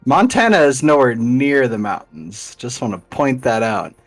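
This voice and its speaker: A man from Colorado teasing his friends with playful contrarian jabs during a game break. His voice sits at a middle pitch. Soft music hums faintly behind him. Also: very animated, unhurried. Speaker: tabletop game player.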